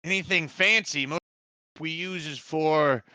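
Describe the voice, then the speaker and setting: A man voicing a cautious, hospitable male leader of a mining village, who speaks in halting phrases. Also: fairly high pitch, sharp tone, no echo, voice pushed up. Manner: hesitant, halting.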